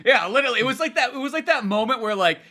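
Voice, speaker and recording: Lively, high-voiced man guesting on a podcast. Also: rapid-fire. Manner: animated, laughing storyteller who swears. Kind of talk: casual podcast chat.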